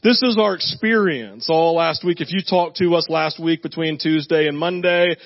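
A pastor's slightly high voice comes through muffled from a handheld mic at a moderate pace. His sermon is a lively personal story packed with asides, self-deprecating humor and repeated "right?"

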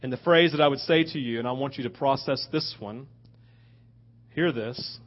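A man preaching a sermon, switching between loud rhetorical questions and hushed asides. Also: medium pitch, normal speed. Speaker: pastor. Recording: dull lo-fi recording.

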